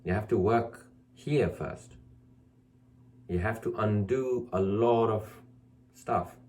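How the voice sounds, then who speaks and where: Slow and somewhat dark-toned, a man takes on the role of a spiritual teacher lecturing the camera. His monologue is emphatic and scolding, full of repeated points, and he ridicules excuses by putting on a whiny, high voice.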